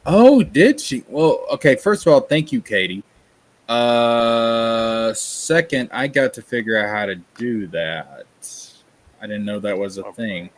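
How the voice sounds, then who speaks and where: A man's voice: mid-range voice, animated, measured pace. A man from Tennessee, chatting casually on a livestream, ranting and reading chat aloud. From Tennessee, USA. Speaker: streamer.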